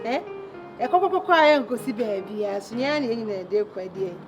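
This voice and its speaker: Actress doing a flashy ghanaian young woman, giggly, teasing, high lively voice, soft music behind. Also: moderate pace. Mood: playful. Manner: laughing, teasing, mixing Twi and English slang. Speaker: actress in a Kumawood film. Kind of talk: dramatic film dialogue.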